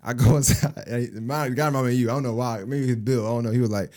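Brief: quick, animated male co-host, casual storyteller, acts out quotes. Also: medium pitch. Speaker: podcast co-host.

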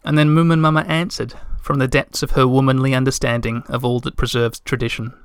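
Man reading a storybook, smooth and clear. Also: mid-range voice, little pitch movement, a little fast, few pauses, no room sound, studio quality. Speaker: narrator. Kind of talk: audiobook narration.

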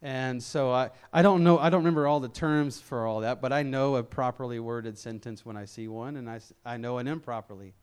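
Speaking fairly quickly with hardly a pause, this middle-aged man preaches in a medium-pitched, steady, clean voice. He's a lay preacher from Memphis, Tennessee, with no regional accent. His delivery is chatty and self-mocking, marked by frequent restarts.

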